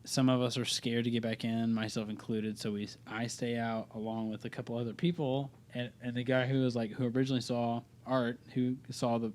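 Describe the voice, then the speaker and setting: A man's voice: mid-range voice, little pitch movement, brisk, few pauses, a little mellow, slight background noise. A young man, a podcast guest, telling a story in casual chat, rambling, swearing often and interrupting himself. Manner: rambling, profane, self-interrupting. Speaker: podcast guest, band singer.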